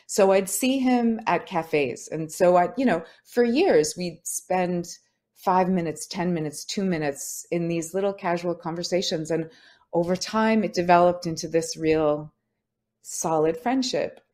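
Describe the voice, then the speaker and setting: A woman's voice: fairly low pitch, measured pace, a little mellow. A woman author talking as a podcast guest, thoughtful and searching, with many "like" and "you know" fillers. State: tearing up. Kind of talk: reflective conversational interview.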